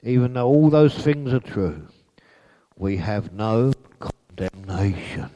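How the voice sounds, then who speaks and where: A man's voice: on the low side, animated, slow pace, mellow. A man preaching a sermon in an earnest way, building to emphatic peaks on repeated phrases.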